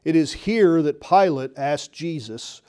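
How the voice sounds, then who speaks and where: A man's voice: a little high, lively intonation, unhurried, darkish tone. A man preaching a sermon as pastor, telling the story with emphatic, rising and falling delivery. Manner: emphatic storytelling, voice rises and falls.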